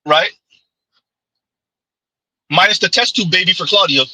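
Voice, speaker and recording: A man's voice: high-pitched, unhurried, bright, forceful tone, husky, no room sound, poor audio. A man, giving an opinionated commentary monologue with emphatic call-outs and rhetorical asides. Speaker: commentary vlogger.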